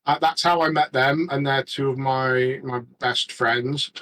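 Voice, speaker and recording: A man chatting casually as a regular on a podcast, rambling and halting with many restarts. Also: mid-range voice, fairly even intonation, a bit bright, rough recording. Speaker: regular panelist.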